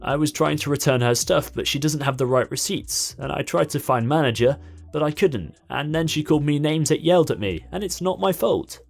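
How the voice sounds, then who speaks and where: A man's voice: on the low side, animated, normal speed, faint music behind. A man voicing an anxious teenage shop assistant who talks in a flustered, pleading way. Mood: upset.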